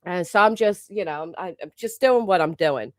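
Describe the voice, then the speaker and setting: A woman with a lowish voice hosts a livestream at a moderate pace, rambling casually, swearing freely and restarting sentences again and again. Her throat is a little sore as she reads out thanks to chat members, and the sound is dry and close with no room around her.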